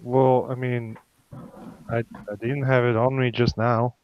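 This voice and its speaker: A man playing a tabletop role-playing game, speaking hesitantly with many halting restarts. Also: medium pitch, flat delivery. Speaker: player. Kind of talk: casual tabletop play. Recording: dull, dry lo-fi mic.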